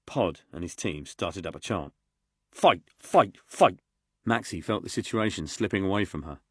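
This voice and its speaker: A man reading an audiobook in a steady, measured way. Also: sits low, no room sound, studio quality. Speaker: audiobook narrator. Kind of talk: scripted narration.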